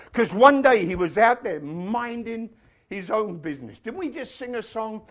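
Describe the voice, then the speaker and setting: Male preacher, sermon, high voice, lively pitch, loud bursts then soft asides. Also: moderate pace. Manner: swings from loud shouted preaching to quiet chatty asides; tells stories with humor.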